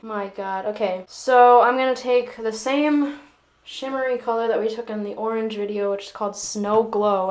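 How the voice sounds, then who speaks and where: A woman's voice: medium pitch, darkish tone. A woman vlogger chatting through a makeup tutorial, rambling and making fun of herself along the way. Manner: rambling, self-mocking, joking asides. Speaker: beauty vlogger. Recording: echoey room.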